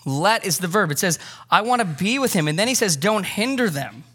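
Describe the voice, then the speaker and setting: A man preaching a sermon in a church, reading scripture and then talking in a casual, energetic, conversational way with many fillers. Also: high-pitched, a little fast, husky. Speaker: pastor. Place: church sanctuary.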